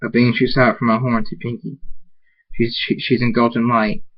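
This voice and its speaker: A man reads his fan story aloud, stumbling and restarting as he goes. His voice sits at a middle pitch. The recording is dull and lo-fi. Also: little pitch movement. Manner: halting, with restarts. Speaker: narrator.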